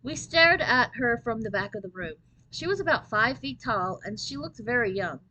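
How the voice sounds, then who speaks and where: A woman's voice: on the high side, normal speed, slight background noise, rough recording. Woman reading a children's novel aloud. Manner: steady, expressive first-person narration. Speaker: storybook reader.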